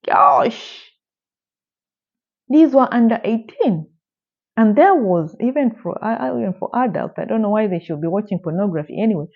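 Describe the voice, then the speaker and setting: A woman's voice: medium pitch, lively intonation, fairly quick, mellow, highs cut off. A woman telling a true story in a casual storytime style, emphatic and indignant, with rhetorical questions.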